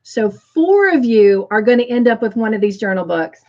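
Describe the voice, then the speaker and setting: A woman hosting a crochet live stream, reading viewer comments aloud and gushing with excitement. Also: on the high side, moderate pace, highs cut off.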